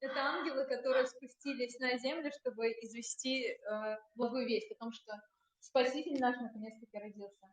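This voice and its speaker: A woman guide calmly explaining things to visitors inside a church. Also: a little high, fairly quick.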